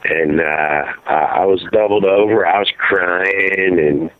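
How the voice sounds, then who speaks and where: A man's voice: low voice, slow, no echo. Middle-aged man on a tinny phone line. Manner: rambling, repetitive, fills with "you know" and "uh". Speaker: guest, father of a fallen serviceman. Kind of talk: emotional phone interview.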